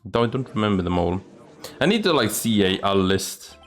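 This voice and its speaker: A man's voice: fairly low pitch, sing-song, moderate pace. Chatty man rambling over game music. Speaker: gaming video host. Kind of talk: let's play commentary.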